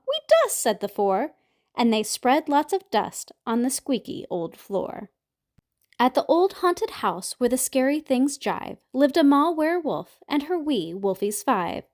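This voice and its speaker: Storybook reader: a woman with a high, lively sing-song read-aloud voice. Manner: sing-song rhyming delivery with jumps into high squeaky creature calls. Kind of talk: children's picture book read-aloud.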